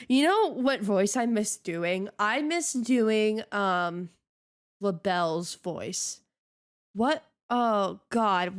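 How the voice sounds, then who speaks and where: A woman streamer on a live stream, chatting casually and ranting in an exasperated way with frequent laughter. She talks at an unhurried pace, her pitch mid-range but swinging widely.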